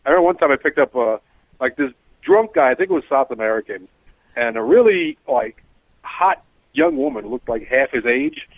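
A man's voice: medium pitch, brisk, gravelly, no room sound. A man, a cab driver who is a regular on a talk show, telling a rambling story and acting out the voices in it. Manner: rambling, animated storyteller, acts out quoted voices. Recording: tinny phone-like line.

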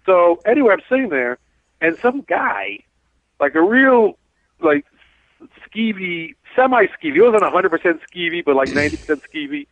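Blunt New cabbie host, tinny line. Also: male voice, sits high, sing-song, normal speed, no echo. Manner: blunt, rambling storyteller. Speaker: radio show host and cab driver. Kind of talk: talk radio chat. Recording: tinny phone-like dry sound.

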